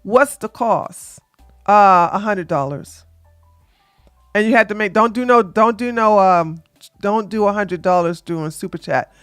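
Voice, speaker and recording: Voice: medium pitch, a little slow, a bit bright, smooth, no room sound, clean studio sound, faint music behind. A live-stream dating advice host talking to the chat, brash and scolding, trash-talking with bursts of laughter and repeating phrases for emphasis.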